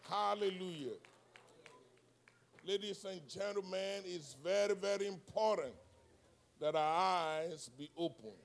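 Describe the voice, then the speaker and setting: A male preacher delivering a sermon with call-and-response, moving from hushed, soft passages to shouted climaxes. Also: sits high, a little slow, pauses often.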